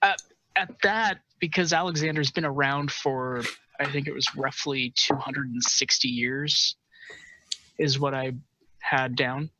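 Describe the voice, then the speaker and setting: A man's voice: mid-range voice, fairly even intonation, measured pace, sharp tone, lo-fi sound. A male tabletop game player, hesitant and thinking aloud about his character.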